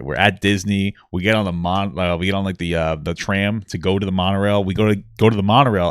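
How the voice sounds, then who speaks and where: A man's voice: lowish voice, a bit bright, dry recording, studio quality. A man streaming live in crude, flippant casual chat, calling everyone bro. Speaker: livestreamer.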